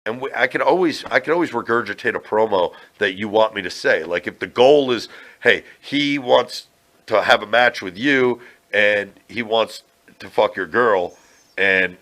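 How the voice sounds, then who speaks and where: A man's voice: on the low side, normal speed. A man, a former pro wrestler, telling brash, profane stories as a podcast guest. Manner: brash, profane, animated storytelling. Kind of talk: casual interview chat.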